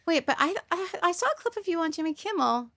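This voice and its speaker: A woman hosting a podcast interview, chatty and upbeat, thinking aloud with quick asides. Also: extremely high pitch, very animated, bright, forceful tone. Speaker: podcast host. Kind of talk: interview conversation.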